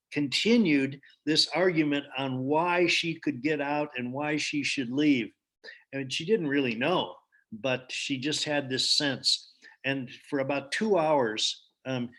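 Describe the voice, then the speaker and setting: A man's voice: medium pitch, fairly bright tone. A man giving a storytelling talk in an earnest way, with frequent ums and restarts. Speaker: speaker.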